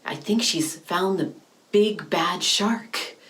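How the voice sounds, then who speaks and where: A woman's voice: lowish voice, slow pace, fairly bright tone. A woman doing a worried mother fish.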